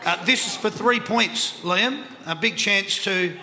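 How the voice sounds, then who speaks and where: A man's voice: sits high, a little slow, bright, forceful tone. An Australian man hosting a live quiz segment on a panel show, upbeat and chatty, laughing often. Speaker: quiz host. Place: country club function room. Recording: reverberant hall with crowd noise.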